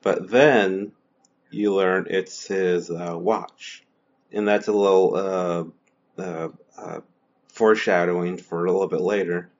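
A man with a very deep voice chats about a story in a loose, hesitant way, with lots of "uh"s as he goes. The recording sounds dull and lo-fi. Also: steady tone, takes it slowly. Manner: chatty, hesitant, many fillers. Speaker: discussion co-host. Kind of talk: casual literary discussion.

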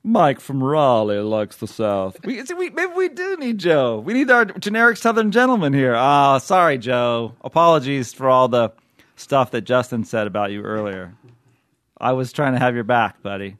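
A man's voice: mid-range voice, big pitch swings, moderate pace, a bit bright, dry recording, clean studio sound. A man hosting a podcast in a casual, jokey chat, laughing often and rambling between topics. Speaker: podcast host.

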